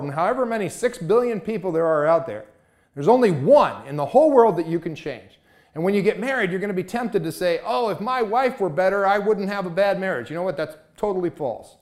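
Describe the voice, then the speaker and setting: Animated man with a high, lively voice. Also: a little fast. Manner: emphatic, rhetorical questions. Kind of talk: motivational talk.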